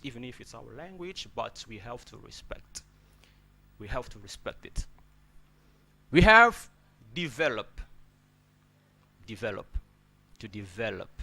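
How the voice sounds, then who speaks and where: A man's voice: medium pitch, vocal fry, bright, forceful tone. A man whose first language is not English, teaching English pronunciation and word stress, often repeating words and asking "okay?". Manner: addresses listeners as brother. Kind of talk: spoken pronunciation lesson.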